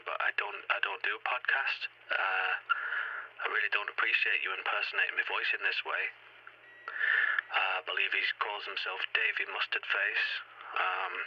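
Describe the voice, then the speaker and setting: A man's voice: on the low side, sharp tone, slightly rough, highs cut off, heavily acted. A man voicing a flustered caller who stammers and grows indignant while leaving a complaint by phone.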